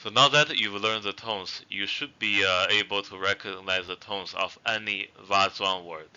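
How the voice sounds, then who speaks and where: In a lowish, very bright and smooth voice, a man gives a language lesson without hurrying. He explains patiently, using fillers, and repeats each example word twice for learners, though the recording is dull and lo-fi.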